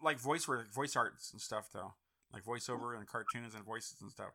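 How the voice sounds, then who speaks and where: A man's voice: mid-range voice, normal speed, gravelly, noisy background. A man hosting a casual interview, talking in an enthusiastic, encouraging and rambling way. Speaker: host.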